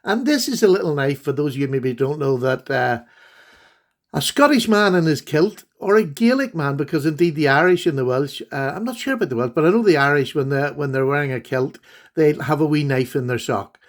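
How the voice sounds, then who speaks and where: A man's voice: fairly high pitch, animated, brisk. A middle-aged man hosting a casual vlog, chatting fondly and a little rambly while showing knives to the camera. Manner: chatty, rambling, fond and enthusiastic. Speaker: host, knife collector.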